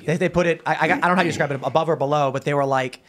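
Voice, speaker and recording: A man's voice: on the high side, rapid-fire. A man hosting a talk show, telling stories with lots of restarts and stumbles. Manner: animated storytelling with many restarts. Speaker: podcast host. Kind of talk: casual studio talk show.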